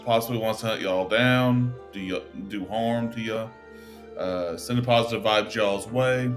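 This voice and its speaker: A man doing a drawling Southern US young guy, low voice, loose and casual, game role-play. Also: a little slow, faint music behind, lightly acted. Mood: warning. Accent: Southern US put-on. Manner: drawling, casual, says y'all.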